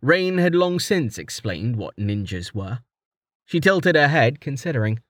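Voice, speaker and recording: A man's voice: medium pitch, very animated, measured pace, fairly bright tone, no echo. Dry-voiced male audiobook narrator. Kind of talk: scripted fantasy narration.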